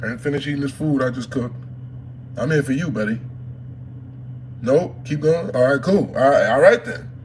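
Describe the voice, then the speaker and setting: A man from Harlem, hosting a phone livestream from home and telling a story in an animated, profane way that swings from loud to hushed. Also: mid-range voice, normal speed, long pauses, a little hiss or hum. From Harlem, New York.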